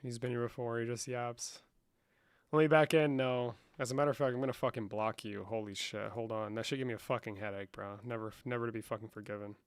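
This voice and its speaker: Man with a smooth, dry voice, swearing a lot. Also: medium pitch, fairly even intonation, fast, dry recording. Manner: profane, slangy, says "bro" a lot; swings from muttering to loud outbursts. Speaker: livestream host. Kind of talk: casual livestream chat.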